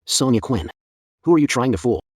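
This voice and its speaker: A man's voice: medium pitch, expressive, brisk, darkish tone, no room sound, natural voice. Sarcastic greedy brother-in-law played by a man, dry studio sound. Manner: sneering and sarcastic. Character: scheming young brother-in-law, sneering and greedy. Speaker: scheming brother-in-law in a drama. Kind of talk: dubbed drama acting.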